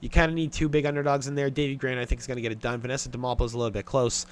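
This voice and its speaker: A man's voice: medium pitch, level tone, racing, a little hiss or hum. A young man hosting a sports betting show, running through his picks in a blunt, casual way with plenty of swearing and filler words. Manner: blunt, profane, offhand with many fillers. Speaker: sports betting podcast host.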